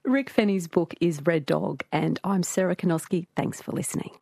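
Low gravelly radio host. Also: female voice, moderate pace, mellow. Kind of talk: radio interview.

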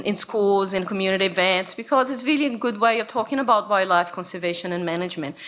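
Bright-voiced Brazilian woman telling stories. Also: medium pitch. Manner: animated, playful, acts out voices. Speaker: researcher and speaker. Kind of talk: storytelling talk to an audience.

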